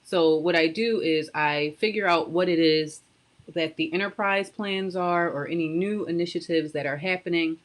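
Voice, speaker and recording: Woman host, 30s-40s, chatty and bubbly, slightly low voice, casual live stream from home on a computer mic. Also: normal speed. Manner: bubbly, greets viewers by name.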